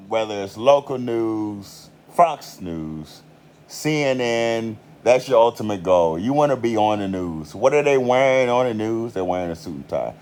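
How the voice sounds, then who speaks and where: A man's voice: fairly low pitch, lively intonation, a little slow, darkish tone. A man with an American country accent ranting in a heated, profane monologue. He swears constantly and repeats himself for emphasis. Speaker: commentator.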